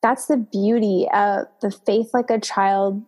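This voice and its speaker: Woman, podcast co-host, reflective, earnest, mid-pitched. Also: steady tone, slow pace, darkish tone. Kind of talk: casual faith conversation.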